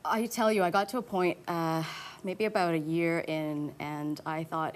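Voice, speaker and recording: A woman in her thirties, an actor, chats candidly as a guest on a talk show, laughing often and mimicking voices as she tells anecdotes. Her voice is low-pitched with fairly even intonation, and there's a little hiss or hum in the recording.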